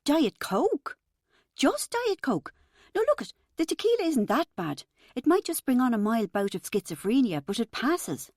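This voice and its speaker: A woman's voice: high-pitched, very animated, measured pace, darkish tone, dry recording, clean studio sound, pitched above the performer's own voice, full character voice. Woman voicing a blunt, sarcastic young waitress. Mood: incredulous. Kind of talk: audiobook character voice.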